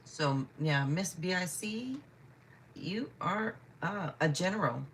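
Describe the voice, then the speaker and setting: Her voice is fairly low and expressive, and she takes her time over slight background noise. She's a tarot livestream host chatting casually through viewer questions, welcoming people by name and apologizing a lot.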